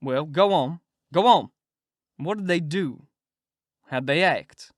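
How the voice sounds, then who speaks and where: A man's voice: on the high side, animated, takes it slowly, dry recording, clean studio sound. A man voicing a scheming male con man posing as a duke, drawling and chuckling in a storybook reading. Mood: pressing.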